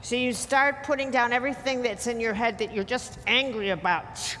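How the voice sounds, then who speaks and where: A woman's voice: a little high, steady tone, normal speed, few pauses, fairly bright tone, slight background noise. A woman giving a blunt, emphatic talk to a live audience, teasing her listeners as she lectures. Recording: hall reverb with faint ambience.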